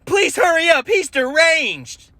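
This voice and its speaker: A man's voice: very high-pitched, big pitch swings, takes it slowly, pushed and bright, no room sound, pitched above the performer's own voice, full character voice. A man putting on the voice of an irate adult woman driver, shrieking and accusing. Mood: shrill.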